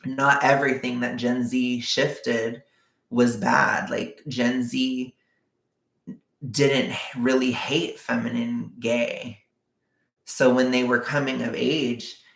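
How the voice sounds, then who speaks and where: Californian woman with vocal fry, rambling. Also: rumbling low, a bit bright, roomy sound. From Southern California. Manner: rambling, heavy use of "like", frequent laughs. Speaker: vlogger answering viewer chat. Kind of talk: casual livestream chat.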